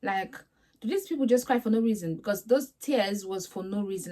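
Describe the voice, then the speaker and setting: A woman's voice: medium pitch, a little fast, warm tone. A young woman, recapping reality TV in a sassy, exasperated, chatty vlog. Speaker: vlogger host.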